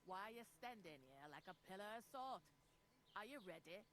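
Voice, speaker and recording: A woman's voice: mid-range voice, animated, normal speed, a bit bright, slight background noise, natural voice. Woman doing a bossy village innkeeper, plain talking, folksy. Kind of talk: video game dialogue.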